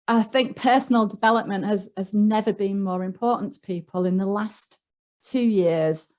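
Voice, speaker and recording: A woman's voice: mid-range voice, a little mellow. A woman with a Yorkshire accent, speaking as a guest on a leadership panel, explaining ideas earnestly with frequent ums and small restarts. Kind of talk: online panel talk.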